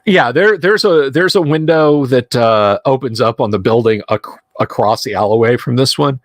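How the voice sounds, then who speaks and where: A man running a tabletop horror game on a livestream, narrating in a slow, halting way with many fillers. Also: medium pitch, dry recording. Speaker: game master.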